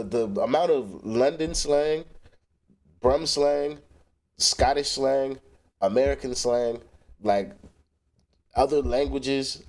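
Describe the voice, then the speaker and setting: A man's voice: medium pitch, darkish tone. A man, a rapper hosting a late-night livestream, chatting loosely and answering his viewers' messages with casual swearing. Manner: loose, profane, reads and answers chat aloud.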